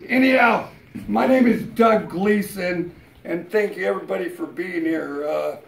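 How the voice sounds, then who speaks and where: A man in his fifties doing a stand-up comedy set in a club, telling stories slowly and deadpan with plenty of swearing, rising to shouted punchlines. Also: high-pitched, creaky. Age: 50s. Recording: roomy club sound from a distance. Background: audience laughter.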